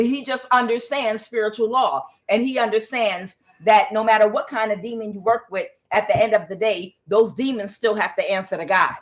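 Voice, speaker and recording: A woman's voice: medium pitch, poor audio. Blunt, profane woman tarot reader. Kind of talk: tarot reading rant.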